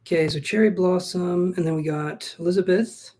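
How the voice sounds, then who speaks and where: A man doing a relaxed live tarot reading on a stream. He chats easily and jokes about himself. He talks his thoughts through out loud as he lays out cards for viewers. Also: high-pitched, normal speed. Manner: chatty, self-joking, thinks aloud. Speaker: tarot reader.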